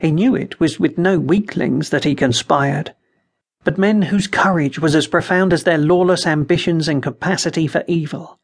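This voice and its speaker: A man narrating an unabridged fantasy audiobook in a measured, dramatic way. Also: fairly high pitch, gravelly, husky.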